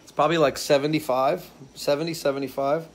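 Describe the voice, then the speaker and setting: A man's voice: fairly high pitch, fairly even intonation, quick pace. A man hosting a casual live stream from his porch, telling rambling stories and often losing his train of thought. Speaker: live-stream show host. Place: outdoors on a porch under a ceiling fan.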